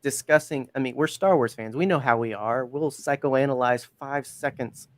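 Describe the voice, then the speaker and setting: A man's voice: medium pitch, moderate pace. A man hosting a podcast, chatting casually and enthusiastically, rambling with lots of fillers. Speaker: podcast host. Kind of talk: casual chat.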